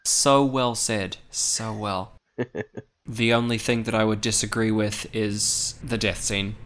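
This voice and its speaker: A man recapping a horror film in casual chat, animated and profane, laughing often. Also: on the low side, takes it slowly. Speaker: podcast co-host.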